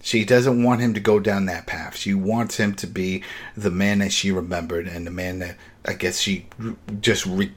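Husky-voiced man recapping a TV episode. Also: deep voice, normal speed. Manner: animated retelling, acting out quoted lines. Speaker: podcast host.

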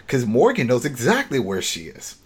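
Husky guy rambling thru a tv recap, lots of restarts, pretty opinionated. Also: medium pitch, wildly swooping pitch, normal speed. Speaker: podcast host. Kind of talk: casual TV episode recap.

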